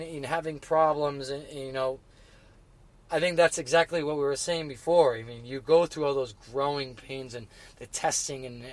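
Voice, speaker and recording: A middle-aged man telling racing stories in casual conversation, halting and full of restarts, growing emotional as he remembers. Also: medium pitch. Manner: halting, many restarts and fillers, emotional when recalling. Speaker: guest. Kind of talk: casual interview chat.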